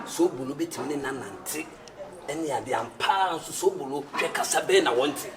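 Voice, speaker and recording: A man's voice: on the high side, expressive, moderate pace, recorded from a distance, noisy background. A man in a comedy skit, mocking and laughing.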